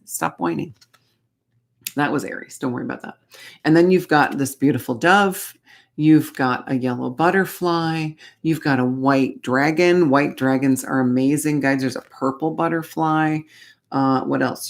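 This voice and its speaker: A tarot and oracle card reader giving a casual spiritual reading, chatty and gushing, full of fillers and little asides. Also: medium pitch.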